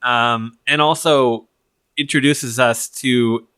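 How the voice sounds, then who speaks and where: A man on a comedy podcast, playful and quick to break into song lines. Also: mid-range voice, fairly even intonation, pushed and bright, clean tone. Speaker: podcast panelist.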